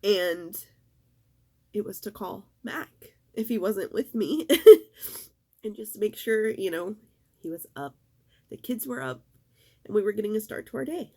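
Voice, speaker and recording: A middle-aged woman in a casual vlog, talking in a halting, emotional way and fighting back tears. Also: medium pitch, animated, darkish tone. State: tearful. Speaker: vlogger.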